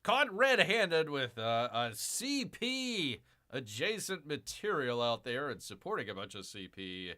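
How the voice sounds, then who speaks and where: Sarcastic, animated male stream host. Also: medium pitch, unhurried, few pauses. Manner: sarcastic, mocking asides; rambling with frequent fillers and restarts. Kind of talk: live-stream commentary, reading and mocking news.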